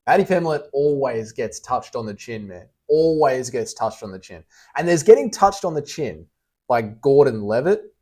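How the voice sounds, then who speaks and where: A man's voice: medium pitch, very animated, normal speed, a little mellow. Young man, Australian accent, blunt, sweary, teasing, casual livestream chat. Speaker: livestream host reading chat.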